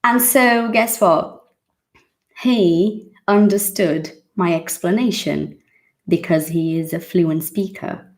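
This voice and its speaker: A woman's voice: on the low side, slow pace. A woman in her thirties from Brazil, teaching English in a chatty, emphatic monologue and acting out the voices she quotes.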